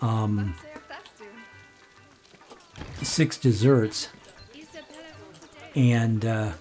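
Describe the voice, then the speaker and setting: A man's voice: fairly low pitch, fairly even intonation, very slow, a little mellow, faint music behind. A man casually telling a rambling story while playing a game, chuckling and restarting sentences. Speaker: gameplay commentator.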